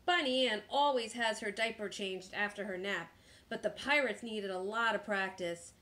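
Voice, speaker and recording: A woman teacher reading a picture book aloud in a slow, expressive storytime manner. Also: medium pitch.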